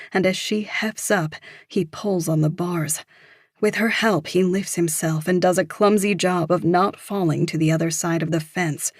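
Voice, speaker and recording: A woman reads a thriller audiobook in a measured, even style. Her voice sits low and slow with a breathy, husky edge. The recording is dry and close. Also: no room sound. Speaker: audiobook narrator. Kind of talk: scripted narration.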